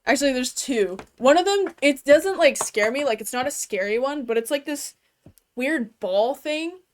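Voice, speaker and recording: A young adult woman streams a game from her bedroom, speaking in a high, animated voice at normal speed. Her chat is loose and profane, packed with "like" fillers, and there's a faint hiss or hum on the recording.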